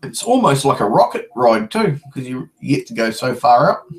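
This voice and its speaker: A man's voice: medium pitch, sing-song, normal speed, poor audio. A man with a New Zealand accent chatting casually on a live stream from home, laid-back and slangy, often restarting his sentences.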